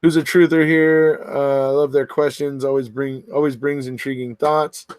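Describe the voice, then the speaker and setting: A man's voice: medium pitch, level tone, moderate pace, clean tone, no room sound. Chatty man reading live viewer comments. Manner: chatty, reads comments aloud and answers, frequent restarts and fillers. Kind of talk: casual livestream chat.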